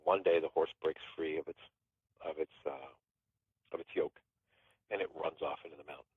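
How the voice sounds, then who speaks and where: A man's voice: extremely low pitch, fairly even intonation, moderate pace, slightly rough, no room sound. A man telling a story as a podcast guest in a casual, rambling way, often restarting his phrases. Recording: tinny phone-line sound.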